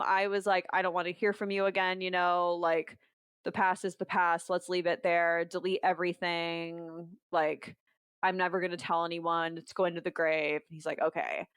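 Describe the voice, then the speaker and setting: Young woman guest, brisk storyteller, close dry mic. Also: on the low side, a bit bright, clean tone, dry recording. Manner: fast storytelling, quoting others in dialogue. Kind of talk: podcast conversation.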